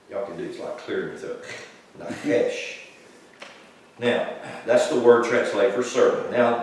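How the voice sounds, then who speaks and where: A man preaching a sermon to a congregation, explaining scripture and building to loud, high-pitched emphasis. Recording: echoey hall, distant from the mic.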